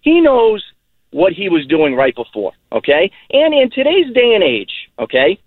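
Male caller, tinny phone line, lively rising-falling voice, insistent and stubborn. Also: high voice, unhurried, no echo. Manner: insistent, repeats "okay" and "listen". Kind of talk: radio call-in debate.

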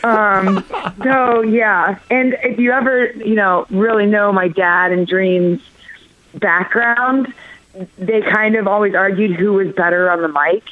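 A woman's voice: mid-range voice, takes it slowly. A woman guest in a casual interview, telling stories chattily and with laughter. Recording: dull lo-fi audio.

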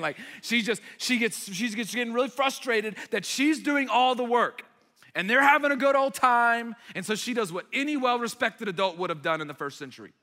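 A man in his thirties preaching a sermon, telling stories and acting out the voices of the people in them. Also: high-pitched. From United States. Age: 30s. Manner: animated storyteller, acting out voices. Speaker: pastor. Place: large church hall. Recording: echoey hall.

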